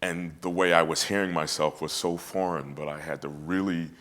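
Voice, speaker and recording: Very deep-voiced man, reflective and halting. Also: steady tone, a bit bright. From United States. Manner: reflective, halting with many restarts. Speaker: opera singer, guest. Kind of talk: casual conversation.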